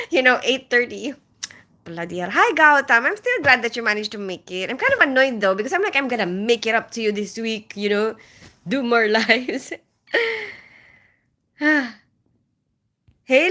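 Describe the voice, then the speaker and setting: Bright, chatty woman livestreaming. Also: on the high side. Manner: chatty, rambling, frequent sighs. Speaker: livestream host. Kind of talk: casual live-stream chat, reading out comments. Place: London.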